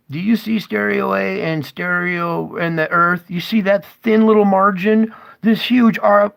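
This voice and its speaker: A man talks his viewers through space-weather charts on a live stream, slow and deliberate, yet alarmed and emphatic. He keeps asking whether they see it, jumping from loud bursts down to muttered asides. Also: high voice, vocal fry. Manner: urgent, pointing things out, frequent "okay?" and "all right?" checks to viewers. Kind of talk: live stream commentary over screen charts.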